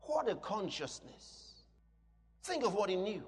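High-voiced emphatic male preacher. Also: very animated, measured pace. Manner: emphatic, bursts into shouted declarations; asks the congregation questions. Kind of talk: sermon. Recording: long reverb in a large hall.

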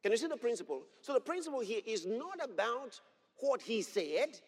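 A man preaching with a high, lively voice that swings up and down. He drives key phrases home by repeating them, reads scripture in old-fashioned wording and builds to shouts. The sound rings with the long reverb of a large hall. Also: moderate pace, breathy edge. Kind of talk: sermon.

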